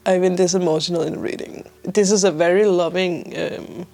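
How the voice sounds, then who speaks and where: A woman giving a spiritual tarot reading to her viewers, emotional and teary, laughing through tears as she offers gentle, reassuring guidance. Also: on the low side, fairly even intonation, normal speed, soft background music. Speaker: tarot reader.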